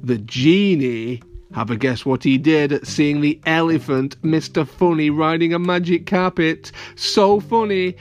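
A man's voice: on the high side, measured pace, soft background music. A man reading a children's audio story aloud, playful and talking to the kids directly. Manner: animated, playful, addresses children.

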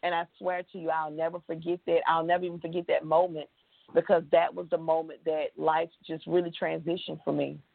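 A woman with a Texan accent, a guest on an interview, speaks briskly in a low, flat voice with vocal fry. She recounts her story with emotion and acted-out quotes; the sound is a tinny, echo-free phone line.

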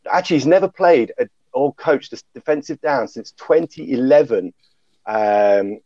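A man's voice: mid-range voice, mellow, no room sound, lo-fi sound. Man hosting a casual panel podcast. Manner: self-deprecating, many fillers and restarts. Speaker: podcast host. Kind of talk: casual hosted panel chat.

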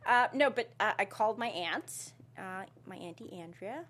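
A woman's voice: medium pitch, lively intonation, normal speed, a bit bright, a little hiss or hum. A young woman from South Africa with a light South African twang in her North American speech, chatting as an interview guest and laughing often. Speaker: actress guest. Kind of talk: casual interview.

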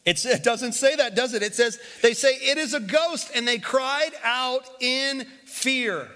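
A man preaching from the pulpit in a high, bright voice that lingers in the long reverb of a church sanctuary. He drives his points home by repeating them, swinging between loud declarations and hushed stretches. He has the congregation repeat lines back to him. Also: unhurried, clear, resonant tone. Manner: repeats phrases and leads the congregation in call-and-response. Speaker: pastor. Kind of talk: sermon.

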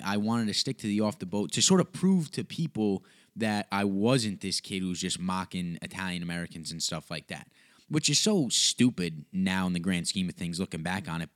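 A young man hosting a podcast, telling a story in a rambling, casual way, with tangents and swearing. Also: fairly low pitch. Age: young adult. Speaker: podcast host.

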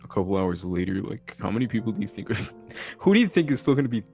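A young man co-hosting a podcast in casual chat, talking in a relaxed, reflective way. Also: on the low side, fast talker, vocal fry, faint music behind. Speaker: podcast co-host.

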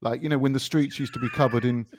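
A British man co-hosting a podcast, rambling through jokes in a playful, deadpan way. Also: mid-range voice, fast, a little hiss or hum. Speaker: podcast co-host. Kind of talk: casual comedic chat.

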